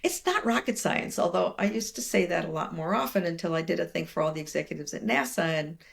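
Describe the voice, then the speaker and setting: An older woman with a low, gravelly voice tells stories in conversation as an interview guest. She is animated and expressive, slipping into the voices of the people she quotes. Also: fast. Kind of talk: storytelling in conversation.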